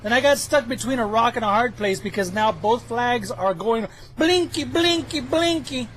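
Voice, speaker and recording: A man's voice: high-pitched, moderate pace, fairly bright tone, a little hiss or hum, rough recording. A man giving chatty, self-mocking commentary over his own gameplay footage, joking as he goes. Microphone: headphones with mic.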